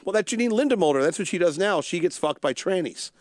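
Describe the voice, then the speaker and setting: Lively, high-ish man joking crudely. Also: quick pace, no room sound, studio quality. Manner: crude, plug-pushing, animated jokes. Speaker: podcast co-host and comedian. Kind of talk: crude casual banter.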